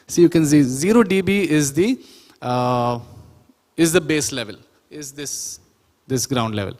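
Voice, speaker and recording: A man's voice: a little high, expressive, measured pace, darkish tone. A man teaching a sound production class, chatty and often quizzing his audience. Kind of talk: classroom lecture. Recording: reverberant lecture hall.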